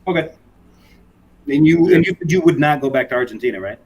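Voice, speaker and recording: A man's voice: mid-range voice, animated, a little fast, darkish tone, breathy edge. A man talking in a casual chat as a guest, hesitant, with frequent restarts. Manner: hesitant, many restarts and ums.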